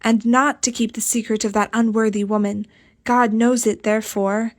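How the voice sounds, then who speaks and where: A woman's voice: a little high, flat delivery, moderate pace, lightly acted. A woman voicing an eldest sister in an audiobook, impetuous and trembling, close to tears.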